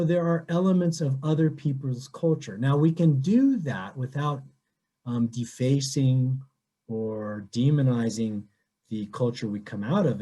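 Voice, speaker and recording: A priest answering questions in a webinar, speaking conversationally with anecdotes over a video call. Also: male voice, mid-range voice, mellow. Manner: conversational, with frequent restarts and anecdotes.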